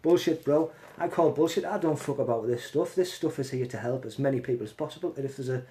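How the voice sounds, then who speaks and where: A man's voice: mid-range voice, fast talker, dark tone. A man hosting a casual live stream from his phone, talking bluntly and swearing as he calls someone out.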